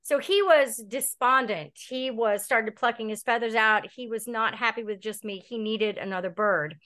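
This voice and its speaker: Chatty higher-voiced woman storyteller. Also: normal speed, bright, forceful tone. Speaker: podcast guest, bird owner. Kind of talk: casual podcast chat.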